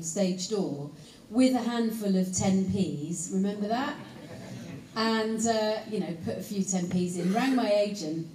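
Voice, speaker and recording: A woman, an actress, telling a lively anecdote to a live audience and teasing them with asides. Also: mid-range voice. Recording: echoey hall, voice picked up from a distance, faint room noise.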